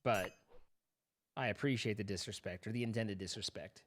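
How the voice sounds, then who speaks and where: A man's voice: lowish voice, fast talker. A man chatting casually while streaming a game, rambling and joking at his own expense. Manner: rambling, self-mocking joking to chat. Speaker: livestreamer. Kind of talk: casual gaming livestream chat.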